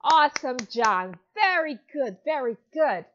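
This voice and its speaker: A woman in her thirties teaching English to a young child, drawing each word out slowly and heaping on praise. Her fairly high voice swoops up and down with big energy, and the recording sounds dull and lo-fi. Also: very animated, fairly bright tone, slight background noise. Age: 30s. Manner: slow, exaggerated, encouraging teacher talk with lots of praise. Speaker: ESL teacher. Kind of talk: demo online lesson for a child.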